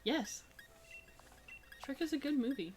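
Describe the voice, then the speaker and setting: A woman's voice: high-pitched, animated, a little slow, darkish tone, slight background noise. A young woman streaming a video game, chatting in a playful, goofy, joking way. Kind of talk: casual gameplay chat.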